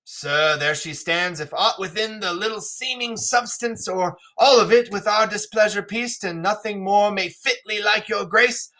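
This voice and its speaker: Old king, wrathful and proud, read by a teacher at a higher, louder pitch, bright and emphatic. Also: measured pace, few pauses. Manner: declaiming Shakespeare verse, raised and emphatic. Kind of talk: classroom read-aloud.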